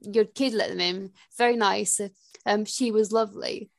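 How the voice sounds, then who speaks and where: A woman's voice: medium pitch, steady tone, moderate pace, vocal fry, no echo, clean studio sound. A woman guest on a podcast, chatting casually about a horror film in an agreeable, chatty way and laughing often.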